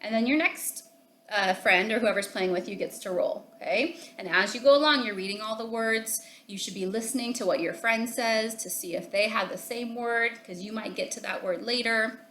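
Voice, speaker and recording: A woman's voice: a little high, moderate pace, a bit bright, echoey room, slight background noise. A woman teacher giving a phonics lesson to young children and their parents, coaxing and encouraging, often checking in with "okay?". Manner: encouraging, sing-song teacher talk with frequent "okay?".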